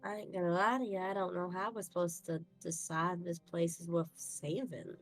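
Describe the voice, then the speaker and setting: A woman's voice: on the low side, flat delivery, moderate pace, soft background music. A woman playing a blunt, down-to-earth dwarf parent in a tabletop game, speaking casually. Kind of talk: tabletop role-play.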